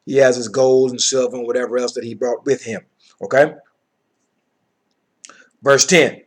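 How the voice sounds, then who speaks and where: A man's voice: mid-range voice, steady tone, normal speed. A man teaching from the Bible, reading verses aloud and then explaining them in plain words, often checking in with his listeners.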